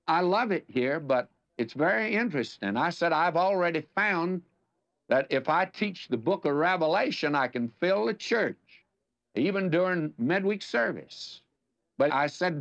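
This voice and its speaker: An older man with a Southern US accent, teaching the Bible on the radio in a folksy, anecdotal way with dramatic emphasis. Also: medium pitch. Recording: dull lo-fi radio recording.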